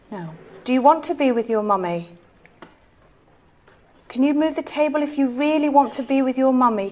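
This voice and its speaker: Woman, high-pitched, gently coaxing séance leader. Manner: soft, coaxing, pleading questions. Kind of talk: ghost-hunt séance questioning.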